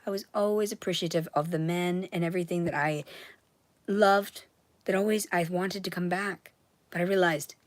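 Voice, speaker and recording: A frantic woman rants in a low voice, cursing freely. She lurches from loud outbursts to hushed whispers. The sound is dry and close. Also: fairly even intonation, normal speed, no echo. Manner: profane, swings between loud ranting and hushed whispers. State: agitated, frantic. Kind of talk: rambling monologue to camera.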